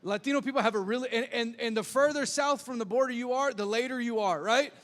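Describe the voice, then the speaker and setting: A man's voice: extremely high pitch, fast talker, a bit bright, long reverb tail. A man preaching a sermon as pastor, telling self-deprecating stories with lots of stammered restarts. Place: church sanctuary.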